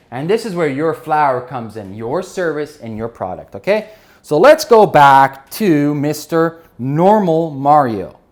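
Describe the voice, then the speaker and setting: A man giving an energetic business lesson while drawing on a board, often checking in with his listeners. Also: mid-range voice. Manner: energetic, keeps checking in with "right?" and "okay?". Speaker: business instructor.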